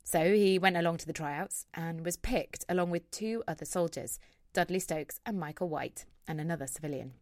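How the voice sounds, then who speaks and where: A woman presenter reading a scripted introduction and interviewing a guest in a measured way. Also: lowish voice, darkish tone, no echo, studio quality. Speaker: radio presenter.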